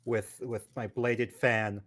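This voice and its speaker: A man playing a tabletop game in a casual, playful way. He stops and starts often, filling the gaps with fillers. His pitch is mid-range. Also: flat delivery, a bit bright. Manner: playful, halting, many fillers. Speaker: player.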